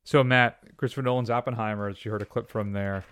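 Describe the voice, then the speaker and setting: A man's voice: on the low side, fairly even intonation, fast talker, fairly bright tone, no echo. A man co-hosting a film podcast, rambling and joking with many fillers. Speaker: podcast co-host. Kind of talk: casual comedic film chat.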